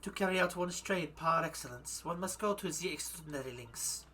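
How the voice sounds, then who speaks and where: A man voicing a young female French waxwork artisan in a mock accent that drifts toward German, formal and measured, reading game dialogue aloud with a bright, forceful tone. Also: on the high side, animated, a little hiss or hum. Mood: poised. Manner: formal, measured, stumbling over French words.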